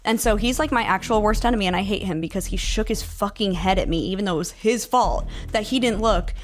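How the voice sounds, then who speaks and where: Young woman vlog host, mid-pitched, chatty and profane, quick to laugh. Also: slight background noise. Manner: chatty, animated, swears freely, laughs often. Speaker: video host. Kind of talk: casual commentary vlog.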